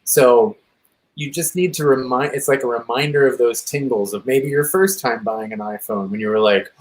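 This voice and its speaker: A man hosting a podcast, talking through ideas in a relaxed conversational way, searching for words and repeating phrases as he thinks. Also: medium pitch, moderate pace, poor audio. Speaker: podcast host. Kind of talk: casual conversation.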